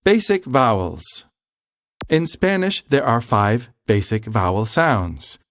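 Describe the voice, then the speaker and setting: Slow, careful male tutor narrating. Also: mid-range voice, animated, fairly bright tone, dry recording. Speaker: language tutor. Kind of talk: scripted instructional narration.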